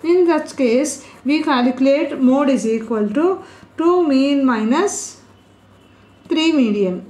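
A woman's voice: high-pitched, animated, takes it slowly, a little mellow. A woman teaching a statistics lesson at a board, explaining step by step and putting questions to her class. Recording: echoey room.

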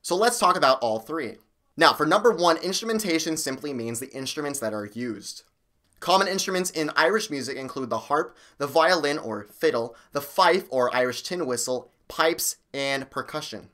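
A man hosting a music theory lesson, explaining with an energetic, bouncy delivery. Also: on the high side, moderate pace. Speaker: music theory teacher and host. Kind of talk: upbeat video music lesson.

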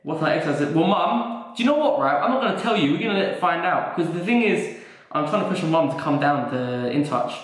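A man's voice: on the high side, expressive, quick pace. A young man answering viewers' questions in a casual, joking vlog. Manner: chatty, joking, swears casually. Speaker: vlogger and fitness coach. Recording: very echoey room.

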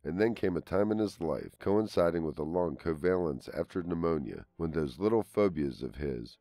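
Deep-voiced man narrating a literary story. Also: darkish tone, no echo. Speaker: audiobook narrator. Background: faint string trio music.

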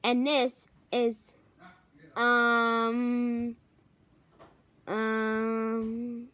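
A woman introducing a row of toys one by one, hesitant and pausing often to search for their names. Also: on the high side, monotone, a bit bright, clean tone. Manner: hesitant, many pauses and ums. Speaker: toy show presenter.

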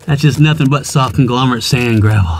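In a tight mine tunnel, a man with a mid-range voice talks fairly quickly while hosting his gold-prospecting vlog. The show-and-tell is relaxed, folksy and joking, punctuated by whooping exclamations.

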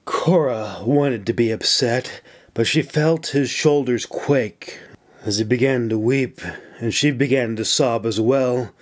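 A man narrating an audiobook in a measured, unhurried way. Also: medium pitch. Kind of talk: scripted narration.

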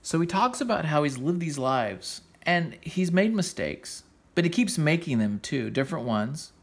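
A man's voice: on the high side, big pitch swings, moderate pace. A man hosting a comics show, casually retelling a comic book story in a rambling, enthusiastic way with frequent restarts.

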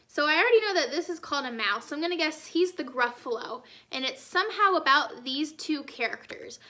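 A woman's voice: high-pitched, expressive, fairly quick, few pauses, pushed and bright. A young woman teacher leading a children's read-aloud lesson, asking and answering cheerful questions.

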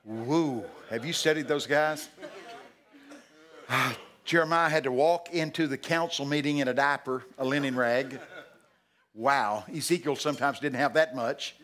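A man in his sixties preaching a sermon in a folksy, dramatic way, his voice leaping high and loud for emphasis. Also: measured pace. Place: church sanctuary.

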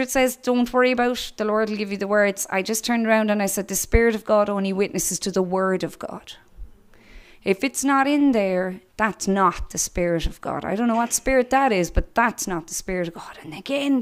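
A woman's voice: a little high, animated, moderate pace, hardly any pauses. A woman with an Irish accent giving her church testimony, telling her story with laughter and acting out the voices of others.

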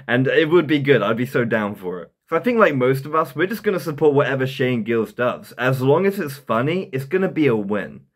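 Young man, casual comedic commentary, rambling, chuckles at own jokes, mid-pitched voice. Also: expressive, brisk, hardly any pauses. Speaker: commentary YouTuber.

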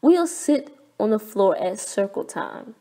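A woman voicing a patient, gentle female teacher in a children's storybook, speaking softly and calmly. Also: measured pace. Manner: soft, lowered, calm.

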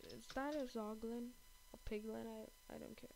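A woman giving excited gameplay commentary, gasping and repeating her exclamations often, with her face kept off camera. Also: fairly high pitch, moderate pace, gravelly, background noise. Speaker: gaming channel host. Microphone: off-camera voice-over during gameplay.

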